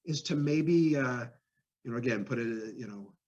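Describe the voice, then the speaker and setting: A man speaks in a husky voice, talking the way a mayor does in a podcast interview, full of fillers, restarts and sudden emphatic lifts. The recording is dull and lo-fi. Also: medium pitch, moderate pace, a little mellow. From Ohio. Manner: conversational, many fillers and restarts, emphatic rises.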